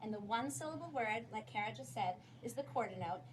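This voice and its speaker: Brief: high-pitched female music teacher, upbeat coaching tone, steady background noise in a meeting room. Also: fairly quick. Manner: upbeat, coaching children, counting in. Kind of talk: classroom demonstration.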